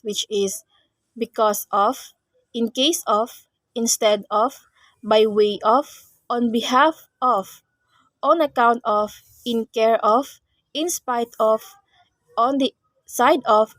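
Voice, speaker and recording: A woman's voice: fairly high pitch, slow, a bit bright, no room sound. A young woman, presenting a class report on grammar in short read phrases. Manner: reads explanations in short phrases, with small restarts. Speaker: student presenter.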